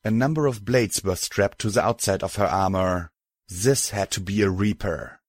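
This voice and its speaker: A man narrating a storybook in a steady, measured way. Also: on the low side, no echo. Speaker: audiobook narrator. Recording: dry close mic, faint music.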